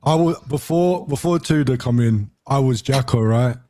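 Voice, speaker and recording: A man hosting a football podcast with a mellow, warm tone and a mid-range pitch. He keeps it jokey and puts pointed questions to the others. His voice sounds dry and close. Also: moderate pace, dry recording. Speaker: podcast host. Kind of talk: casual football podcast chat.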